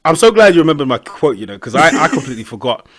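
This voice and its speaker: A young man, chatting casually as a podcast co-host, animated and full of slang. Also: fairly high pitch, very fast. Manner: animated, slangy banter with laughs. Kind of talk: casual chat.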